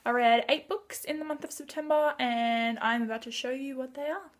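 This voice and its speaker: A woman chatting excitedly through a casual book wrap-up vlog, gushing and chatty. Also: sits high, normal speed. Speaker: book vlogger.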